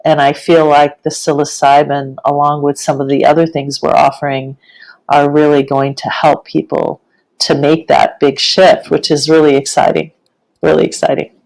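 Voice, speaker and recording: Relaxed woman, easygoing filler-heavy chat. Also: deep voice, normal speed, poor audio. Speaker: co-host, ceremony facilitator. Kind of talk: casual live-stream conversation.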